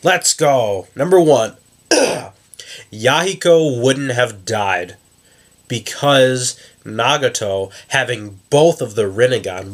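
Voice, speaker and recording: A man with a stuffed-up nose hosting his channel, thinking aloud in casual commentary with frequent restarts. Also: medium pitch. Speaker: YouTube host.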